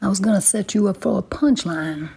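A woman hosting a comedy show, trading deadpan banter and puns. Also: mid-range voice, fairly quick, gravelly, husky. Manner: deadpan, punning.

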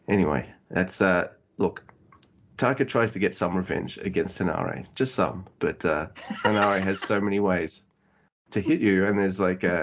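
A man co-hosting a casual podcast review, talking in a laid-back, halting way with many fillers. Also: sits low, vocal fry, breathy edge, highs cut off. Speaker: podcast co-host. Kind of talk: casual wrestling review chat.

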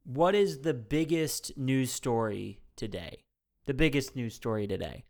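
A man's voice: medium pitch, expressive, measured pace, creaky, a little mellow. A man hosting a podcast in casual banter, brash and joking, swearing freely. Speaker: podcast host.

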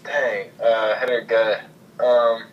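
A man's voice: mid-range voice, flat delivery, takes it slowly. Laid-back male guest on a dull line. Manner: laid-back, brief answers. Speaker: guest athlete. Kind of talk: casual interview.

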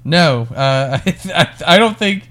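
A man's voice: a little high, animated, a bit bright. Laughing man riffing on a bad movie. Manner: laughs often, swears, acts out scenes in quick voices. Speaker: podcast co-host. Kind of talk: casual movie review chat.

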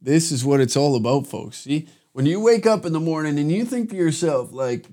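A man's voice: a little high, lively intonation, normal speed, few pauses, a little mellow. Profane man hosting a podcast. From Canada. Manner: profane, rambling, mocking. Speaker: podcast host. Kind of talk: casual podcast rant.

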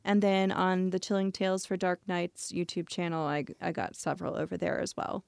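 A woman with a lowish, smooth, clear voice, talking easily as a guest. She narrates horror stories for a living and laughs often. The recording is dry and close. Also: brisk, dry recording. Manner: relaxed, laughs often, casual swearing. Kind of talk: casual chat.

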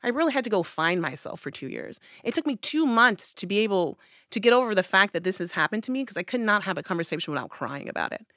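A woman telling a personal story in casual conversation, acting out her own past lines with lively emphasis. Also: mid-range voice, quick pace, dry recording, studio quality.

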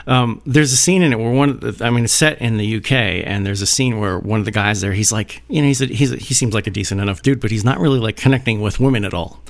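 A man's voice: lowish voice, fast, hardly any pauses. A man hosting a casual podcast interview, enthusiastic, often repeating words as he talks. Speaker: podcast host, publisher.

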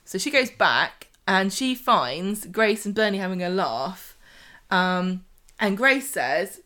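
A woman's voice: medium pitch, takes it slowly. A woman co-hosting a podcast, recapping soap plots in casual chat and acting out characters' lines. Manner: animated, acts out characters' lines. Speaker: podcast co-host.

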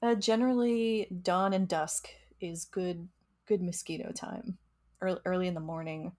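A woman's voice: on the low side, steady tone, a little slow, mellow. A young adult woman, a researcher, chatting casually on a podcast and explaining with frequent laughs and restarts. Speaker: mosquito researcher and co-host.

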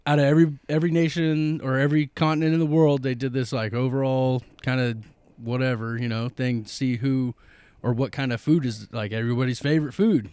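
A man guest on a casual podcast, talking in a laid-back, halting way. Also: mid-range voice, steady tone, darkish tone, smooth, no echo. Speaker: guest, small business owner. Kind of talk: casual chat.

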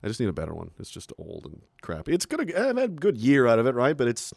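A man's voice: medium pitch, wildly swooping pitch, fast talker, gravelly, a little mellow, no echo, clean studio sound. Rambling, profane male streamer. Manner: rambling, profane, self-mocking. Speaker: live streamer. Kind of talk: casual stream chat. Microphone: close studio mic on an arm.

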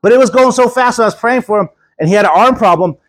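A man preaching a sermon at a church service, telling stories with animated quoted voices and chuckles. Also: extremely high pitch, quick pace. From Houston, Texas. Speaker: guest preacher.

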